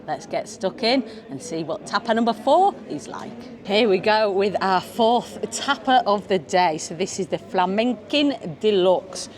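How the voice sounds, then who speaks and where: A food vlogger with a mid-range, lively voice chats casually while sampling tapas at a beachfront restaurant, humming her approval at every bite. She talks a little slowly and barely pauses, with a busy restaurant crowd audible behind her.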